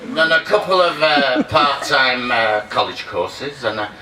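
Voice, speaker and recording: A man's voice: mid-range voice, lively intonation, unhurried. A man doing a live stand-up comedy monologue at a reunion, rambling, losing his place and bantering with the crowd. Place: hall at a treatment centre reunion, live audience. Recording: echoey room, distant mic, loud crowd ambience.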